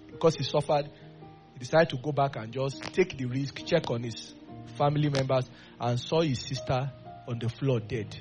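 A man preaching a sermon with fervent delivery, dropping to quiet asides and rising into loud bursts. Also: mid-range voice. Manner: acts out quoted voices.

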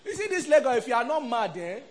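Over a faint crowd, a middle-aged Nigerian-accented pastor preaches fast in a very high-pitched voice. He leads the congregation through animated call-and-response, acting out quoted voices along the way.

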